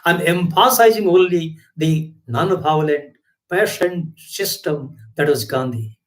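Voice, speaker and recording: Guy preaching at a satsang, kinda high voice, repeats himself a lot for emphasis, lots of rhetorical questions. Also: slow pace, low-quality recording. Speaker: spiritual teacher. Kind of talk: sermon.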